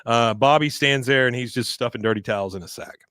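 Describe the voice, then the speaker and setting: A man's voice: medium pitch, fairly quick, fairly bright tone, clear, resonant tone, no echo. A man hosting a casual podcast, recapping a show in a chatty, filler-heavy way and laughing often. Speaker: podcast host recapping an episode.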